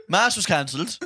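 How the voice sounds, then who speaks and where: A man co-hosting a podcast, joking around and laughing loudly in casual banter. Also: very high voice, breathy edge, no echo, clean studio sound. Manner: jokey, laughs loudly, plays out scenes. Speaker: podcast co-host.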